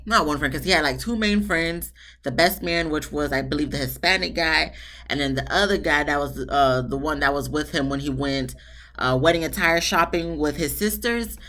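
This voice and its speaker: Chatty woman reviewing a TV show. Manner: chatty and animated, jumps into high-pitched asides. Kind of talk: casual solo review chat.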